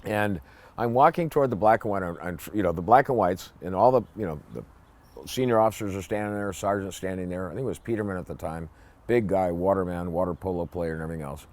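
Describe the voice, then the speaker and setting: An older man, a former police officer, telling a casual anecdote in a blunt, salty way and acting out the gruff lines of others. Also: low-pitched, fast talker, a little mellow. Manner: blunt, salty storyteller who acts out gruff quoted lines.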